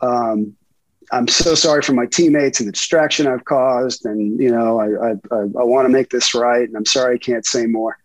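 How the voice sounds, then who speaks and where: A man voicing a brash, profane male ballplayer who talks bluntly and gruffly. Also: medium pitch, steady tone, moderate pace, no room sound, natural voice, poor audio. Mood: contrite. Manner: swearing, gruff.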